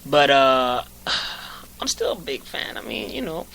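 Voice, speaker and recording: A male podcast host in loose, casual chat, cracking jokes and swearing without hesitation. His voice is bright and forceful, and he laughs easily between thoughts. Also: mid-range voice, big pitch swings, slow, gravelly. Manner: joking, profane, laughs often.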